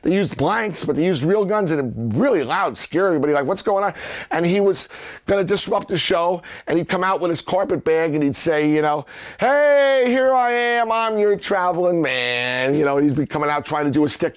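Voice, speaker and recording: A middle-aged man casually telling rambling stories and acting out the lines people said in lively voices. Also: on the high side. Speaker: prop collector recounting memories. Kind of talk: casual storytelling.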